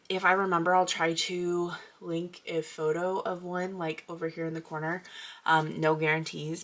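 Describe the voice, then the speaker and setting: A woman's voice: low voice, fairly bright tone. A young adult American woman from the Midwest, vlogging about budgeting in a chatty, digressive, upbeat way. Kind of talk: casual chat showing purchases.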